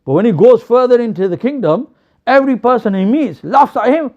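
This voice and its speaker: Young preacher, animated storyteller, bright high voice, slightly muffled recording. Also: male voice, fairly quick. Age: young adult. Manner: lively, animated storytelling with acted quotes. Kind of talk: storytelling sermon. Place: mosque.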